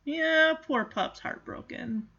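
A woman giving a chatty, animated casual recap of a movie, with asides to the listener. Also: high voice, takes it slowly, highs cut off.

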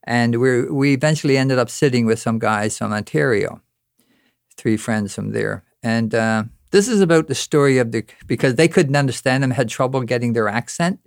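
A man's voice: medium pitch, normal speed, creaky, dry recording, clean studio sound. A man from Newfoundland with a Newfoundland accent, telling a story and then reciting a rhyming spoken-word poem with a rhythmic, dramatic delivery. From Newfoundland, Canada. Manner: rhythmic, dramatic recital with rising, exclaiming lines.

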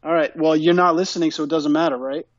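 A man's voice: a little high, level tone, fast, no echo, dull audio. A man co-hosting a sports podcast, ranting emphatically and repeating his points in casual chat. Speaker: podcast co-host.

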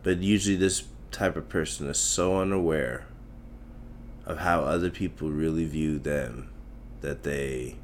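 A man's voice: rumbling low, slow, long pauses, a little hiss or hum. A man from Tamil Nadu, India, hosting a solo podcast, ranting bluntly with lots of swearing and self-mockery. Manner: self-mocking, emphatic repetition. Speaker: podcast host.

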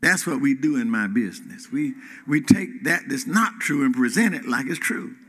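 A man preaching a sermon in a church, swinging between loud rises and quiet drops and calling out to the congregation. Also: medium pitch, lively intonation, moderate pace. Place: church hall. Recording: reverberant hall.

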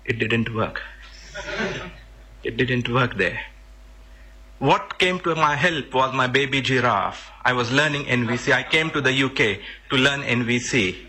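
A man's voice: medium pitch, unhurried, sharp tone, breathy edge. A man from India, earnestly telling a personal story and sometimes searching for words.

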